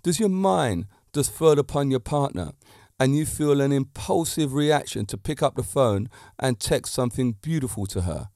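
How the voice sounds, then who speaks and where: A man hosting his own podcast, a fitness teacher talking about romance in a lively, preachy way with many rhetorical questions into a handheld mic. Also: medium pitch, moderate pace, dry recording, clean studio sound. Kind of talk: solo podcast talk on romance.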